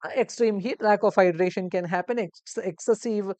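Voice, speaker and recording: A woman's voice: mid-range voice, moderate pace, darkish tone, no room sound. A woman teaching a live online exam-prep lesson, explaining steps in a meandering way with many restarts. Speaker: language teacher.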